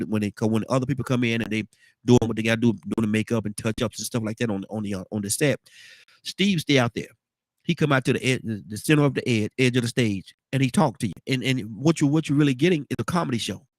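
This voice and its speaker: A man's voice: medium pitch, quick pace, dry recording. Male talk host, congested, rambling and repetitive, dry close sound. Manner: rambling, repeats words, folksy asides. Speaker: radio talk show host. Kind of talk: casual morning talk show chat.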